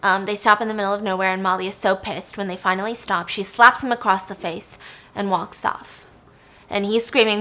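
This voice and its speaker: A woman recapping a film in a chatty, animated way, swearing now and then. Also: mid-range voice, brisk.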